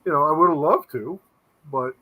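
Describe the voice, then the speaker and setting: A man's voice: a little high, moderate pace, sharp tone, slightly rough, low-quality recording. A man from Connecticut, a guest paranormal investigator, telling blunt, skeptical stories in casual chat. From Connecticut, USA.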